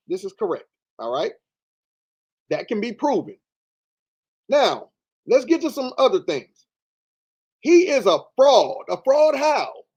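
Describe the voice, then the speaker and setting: A man's voice: very high-pitched, a little mellow. A man hosting a commentary show, reading out text messages and answering them with emphatic repetition and rhetorical questions. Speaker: show host.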